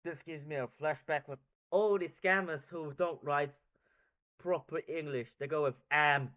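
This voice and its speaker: A man's voice: on the high side, moderate pace, a bit bright, highs cut off. A man giving casual, offhand reaction commentary on memes, tossing in short remarks between laughs.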